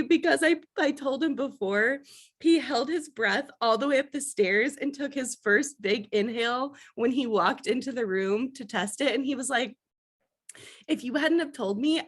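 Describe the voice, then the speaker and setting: A young woman co-hosting a podcast, telling a story in casual chat, animated and laughing at herself. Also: high voice. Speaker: podcast co-host.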